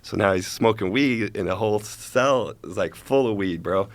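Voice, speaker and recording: A man's voice: lowish voice, normal speed, no room sound. A man casually telling a long story as a guest, profane and rambling, checking in with "right?" as he goes.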